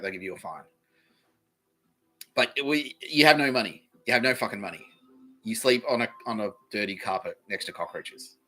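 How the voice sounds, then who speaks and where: A man's voice: mid-range voice, sharp tone. An Australian man hosting a comedy podcast, ranting in a profane, rambling, mock-outraged way. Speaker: podcast host. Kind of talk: comedic rant.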